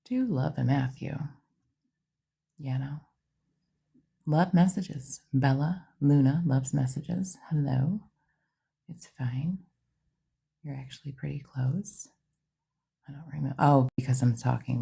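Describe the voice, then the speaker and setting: A woman's voice: rumbling low, slow, gravelly, pauses often, mellow, breathy edge. A woman, hosting a livestream, half-whispering in a casual chat and greeting viewers by name in her home studio. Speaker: psychic medium livestream host.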